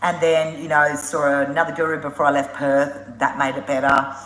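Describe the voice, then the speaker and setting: A low-pitched woman chats on a live stream, spinning travel stories in a blunt, animated way and swearing without a second thought. She laughs often as she talks. Her voice bounces around a roomy, echoey space. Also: moderate pace, slight background noise. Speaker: motorbike traveller hosting a live Q&A. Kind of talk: casual live-stream storytelling.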